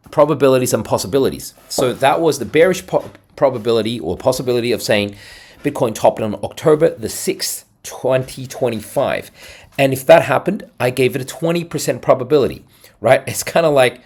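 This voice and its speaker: A man runs through crypto charts in a loose, excitable commentary, punching his points with "boom" and "right?". His voice has a husky edge and sits at an everyday middle pitch. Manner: energetic, salesy, lots of "right?" and "boom". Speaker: crypto trading video host. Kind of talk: casual market commentary over charts.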